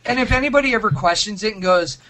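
A man's voice: high-pitched, fast talker. A man co-hosting a casual podcast chat, talking animatedly and jokingly, with many fillers. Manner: animated, jokey, lots of fillers. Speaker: podcast co-host.

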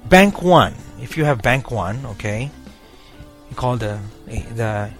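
A man's voice: medium pitch, measured pace, soft background music. A man hosting a podcast, talking casually to his listeners with many fillers and restarts. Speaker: podcast host.

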